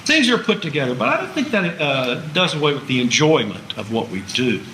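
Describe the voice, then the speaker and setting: Wry, lively man lecturing in a roomy hall. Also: a little high, fairly quick, slight background noise. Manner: chatty, wry asides to the audience. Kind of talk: public lecture to an audience. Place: museum lecture room.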